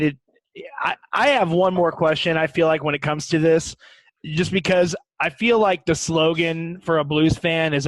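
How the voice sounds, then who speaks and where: A man's voice: fairly high pitch, fairly bright tone, no echo, rough recording. A man hosting a podcast, asking casual, rambling interview questions. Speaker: podcast host.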